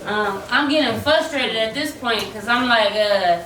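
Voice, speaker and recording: A woman's voice: fairly high pitch, measured pace. A young woman casually telling a story about her music career, acting out quotes and slipping into bits of song. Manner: animated, acts out quotes and slips into singing. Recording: roomy sound from a distant mic, faint hiss.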